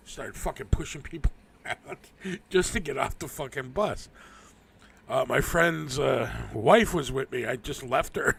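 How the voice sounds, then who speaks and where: A man's voice: mid-range voice, unhurried, creaky, a bit bright, husky. A man hosting a live stream, rambling through a casual, profane rant and laughing often. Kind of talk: casual ranting monologue.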